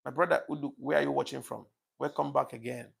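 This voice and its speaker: Talking fast in a steady, mid-range voice that's creaky and husky, a man hosts a live stream and reads out viewer comments. His chat is casual but emotional; he often apologizes, thanks viewers, and admits things affect him easily.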